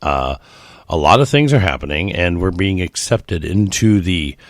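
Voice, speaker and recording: Middle-aged guy rambling on his podcast, very deep voice, chuckles a lot, dry close sound. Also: expressive, normal speed, no echo. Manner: rambling, chuckling, with many uh fillers. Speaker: podcast host. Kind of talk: casual solo podcast monologue.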